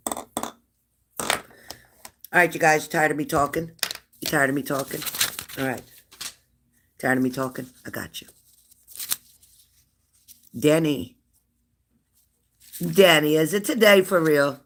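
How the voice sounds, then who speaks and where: A middle-aged man hosts a laid-back livestream and reads out viewer comments, teasing people and asking the same things twice in a chatty manner. His voice is a little high for a man, he speaks slowly with frequent pauses, and there's slight background noise.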